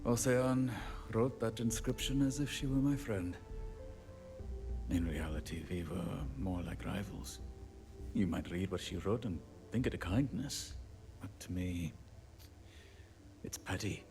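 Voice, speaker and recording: A man's voice: sits low, expressive, measured pace, a little mellow. A man voicing a weary, self-deprecating handyman in a video game, chatty and apologetic with light laughs. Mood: rueful. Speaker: game character. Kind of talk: video game character dialogue. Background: game music.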